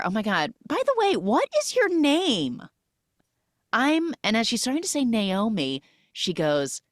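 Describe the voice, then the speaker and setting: A woman recapping a film plot on a podcast in a casual, animated way, acting out characters and sound effects with lots of "like". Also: a little high, a little slow, no echo, studio quality. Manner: animated retelling, acts out characters and sound effects, many "like" fillers.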